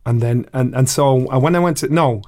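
Animated middle-aged English man telling stories. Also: mid-range voice, brisk. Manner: animated, acts out voices of people in his stories, swears. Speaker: guest, retired boxer. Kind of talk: casual storytelling interview.

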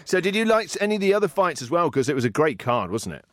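Lively joking man, dry close sound. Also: on the high side, fast talker, no echo. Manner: joking, animated, laughs often. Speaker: podcast co-host. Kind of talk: casual banter.

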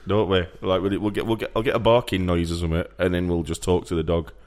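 A young man with a Sheffield accent chats loosely on a podcast, laughing often and circling back over his own words. His voice sits a little low. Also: little pitch movement, quick pace, a little mellow. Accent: Sheffield English. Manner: chatty, laughs often, repeats himself. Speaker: podcast co-host. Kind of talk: casual chat.

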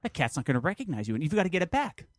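A man's voice: on the high side, very animated, no room sound, studio quality. A man co-hosting a comedy podcast, teasing the others playfully during improvised scenes. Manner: playful, teasing, quick to laugh. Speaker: podcast co-host.

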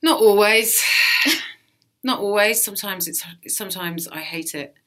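A woman comedian talking as a podcast guest, animated, swearing freely and often laughing. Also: mid-range voice, unhurried. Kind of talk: casual podcast interview.

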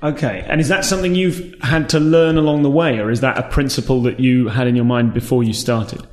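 A man's voice: mid-range voice, steady tone, fairly quick, a little mellow, reverberant. A male podcast host asking long, enthusiastic questions. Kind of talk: interview questions.

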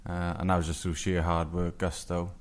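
Deep, flat-voiced former bowler. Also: male voice, normal speed. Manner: reflective, plain-spoken. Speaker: former England bowler, guest. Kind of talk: casual chat.

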